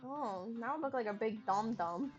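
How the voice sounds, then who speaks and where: A woman's voice: fairly high pitch, expressive, moderate pace, lo-fi sound, soft background music. A woman streamer giving casual gameplay commentary, giggling often, swearing freely and riffing on her own jokes.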